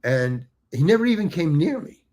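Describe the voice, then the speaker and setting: A man's voice: a little high, big pitch swings, normal speed, darkish tone, a little hiss or hum. An older man, a guest actor, telling rambling anecdotes with restarts and acted-out quotes. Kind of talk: anecdotal storytelling.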